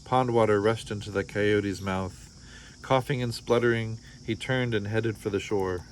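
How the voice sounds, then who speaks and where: A man's voice: lowish voice, unhurried, slight background noise. A man reading a folk tale aloud from a picture book, telling it expressively. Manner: expressive storytelling. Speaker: storybook reader.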